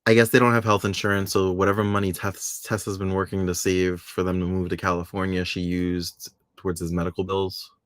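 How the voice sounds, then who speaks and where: A man with a low, deep voice chats casually as a podcast co-host, recapping soap episodes. He laughs often and slips into voices when quoting characters. The sound is dry and close. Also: flat delivery, fairly quick, few pauses, dry recording.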